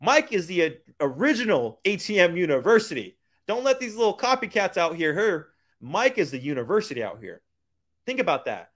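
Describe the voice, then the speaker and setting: A man giving a hyped motivational business pitch, using street slang and repeating lines for emphasis. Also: big pitch swings, a little fast, a bit bright. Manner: hyped, keeps calling out to "guys". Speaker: business coach.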